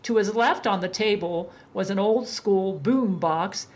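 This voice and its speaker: Woman reading a story out loud, flat deadpan delivery, middle pitch. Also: unhurried. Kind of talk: storybook narration.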